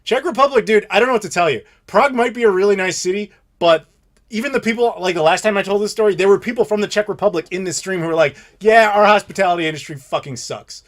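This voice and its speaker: An American man in his thirties hosting a live Q&A stream, telling stories in a blunt, animated, profane way. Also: high voice, fast talker. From United States. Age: 30s. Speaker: channel host.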